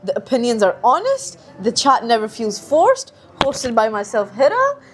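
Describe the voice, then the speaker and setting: A woman's voice: fairly high pitch, sing-song, faint music behind. A woman with a Scottish accent hosting a podcast, chatting casually and joking about herself. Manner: quick, joking, self-mocking banter. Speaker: podcast host. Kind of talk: casual chat.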